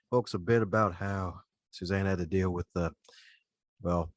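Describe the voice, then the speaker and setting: A man hosting a podcast interview, chatty and quick to laugh. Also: fairly low pitch, steady tone, no echo. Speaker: podcast host. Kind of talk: casual interview chat.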